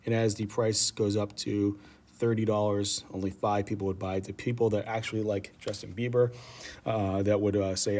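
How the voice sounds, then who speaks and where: A man's voice: fairly low pitch, flat delivery, normal speed, a little mellow, slight background noise. A man teaching an economics lesson in a casual, rambling way, often checking in with "right?". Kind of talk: economics lecture.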